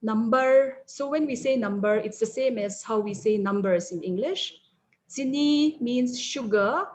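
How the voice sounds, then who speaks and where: Woman teaching words slowly. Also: fairly high pitch, a little mellow. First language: Mizo. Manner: slow, careful, repeats example words. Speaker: webinar resource person. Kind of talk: lecture teaching vocabulary with slides. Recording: muffled online webinar audio.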